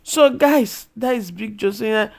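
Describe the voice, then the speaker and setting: A woman with a Nigerian accent casually retelling a movie plot as a vlogger, excitable and full of exclamations, slipping into pidgin. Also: fairly high pitch, takes it slowly, vocal fry. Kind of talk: casual storytelling recap.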